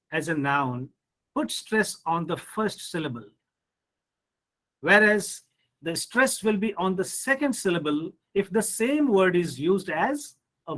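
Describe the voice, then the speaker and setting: A man's voice: high voice, a bit bright, low-quality recording. A man with an Indian English accent teaching an online pronunciation lecture, explaining step by step and asking rhetorical questions. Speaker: professor.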